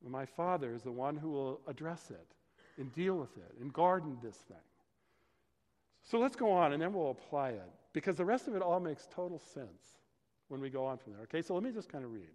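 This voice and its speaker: A man's voice: a little high, sing-song, a little fast, darkish tone. A male pastor teaching a sermon from scripture in a conversational, explanatory way, often checking in with "okay" and "right". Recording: long hall reverb.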